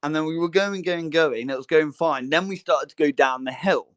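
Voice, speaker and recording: Podcast co-host: young man, a touch high-pitched, rambling anecdote-teller full of fillers. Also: moderate pace, fairly bright tone. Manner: rambling storyteller, many fillers and restarts. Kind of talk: casual chat.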